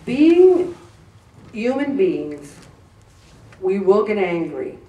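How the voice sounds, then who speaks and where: Lively woman joking about herself to a group, kinda high voice, roomy echo. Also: unhurried. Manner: animated, joking, self-deprecating. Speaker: speaker addressing a group. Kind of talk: motivational faith talk. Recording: echoey room, mic at a distance.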